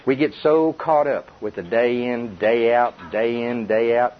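A man's voice: mid-range voice, steady tone, unhurried. An older man preaching a chuckling, conversational sermon to a congregation. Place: church before a congregation. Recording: dull lo-fi tape with faint hiss.

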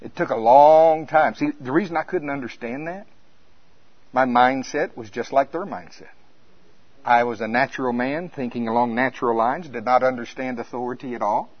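A male preacher, preaching an animated sermon and laughing often. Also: mid-range voice, moderate pace, dry recording, muffled recording.

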